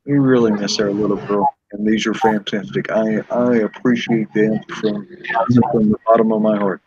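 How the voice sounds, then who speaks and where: A man talking earnestly on a casual live stream, laughing often, with a husky voice. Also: on the low side, little pitch movement, normal speed, a little mellow. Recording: dull dry online audio.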